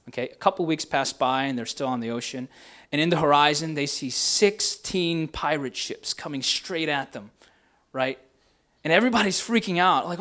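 Casual preaching man, slightly high voice. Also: fairly quick, a bit bright. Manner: casual, conversational preaching with frequent "right?" tag questions. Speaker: pastor. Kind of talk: sermon.

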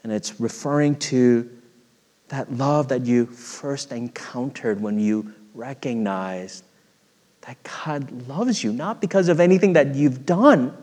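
A middle-aged man preaching a sermon in an earnest, storytelling way, swelling louder when stirred and dropping soft when reflective. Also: mid-range voice, expressive, measured pace. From United States. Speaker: pastor. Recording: long hall reverb.

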